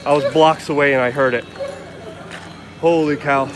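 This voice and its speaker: A man's voice: a little high, steady tone, moderate pace. A man reporting live on the scene as an independent reporter, shaken and exclaiming over and over while filming with a handheld camera outdoors. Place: outdoors on a city street. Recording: loud street noise outdoors.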